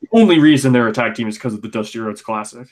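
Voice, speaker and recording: A young man in casual podcast conversation, riffing on wrestling storylines. His delivery is loose and rambling, with filler words and animated outbursts when he gets worked up. His voice sits at an ordinary male pitch. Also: quick pace. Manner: chatty, rambling, animated opinions with lots of fillers. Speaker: podcast co-host.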